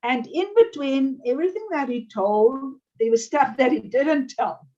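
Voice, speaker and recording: A woman telling a deliberate anecdote in a casual online chat. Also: high voice, warm tone. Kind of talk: casual storytelling. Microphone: video call. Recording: dull lo-fi sound.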